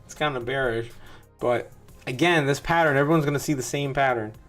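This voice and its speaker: A man's voice: medium pitch, brisk, fairly bright tone, soft background music. A man hosting a show, giving rambling, wry, casual live commentary as he reacts to charts. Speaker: crypto show host.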